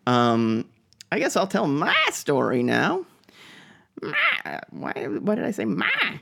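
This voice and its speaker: Podcast co-host, man from Boston, gravelly voice, hesitant rambling storyteller. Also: fairly high pitch, wildly swooping pitch, takes it slowly, fairly bright tone. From Boston, USA. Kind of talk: casual chat, rambling storytelling.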